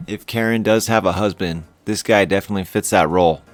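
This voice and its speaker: Low-voiced man reading online stories. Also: fast talker, hardly any pauses, soft background music. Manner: casual, wry commentary. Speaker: story channel host.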